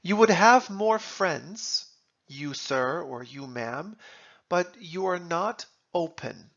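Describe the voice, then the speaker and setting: Slow, gravelly-voiced man teaching German. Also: a little high, lively intonation, a bit bright, lo-fi sound. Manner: reads German examples then translates, slow and deliberate. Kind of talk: slow explanatory lesson.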